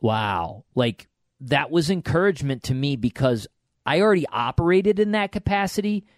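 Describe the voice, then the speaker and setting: A man's voice: a little high, animated, moderate pace, no echo. Encouraging man on a podcast. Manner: storytelling, encouraging, frequent restarts. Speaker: podcast co-host giving advice. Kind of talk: casual podcast talk.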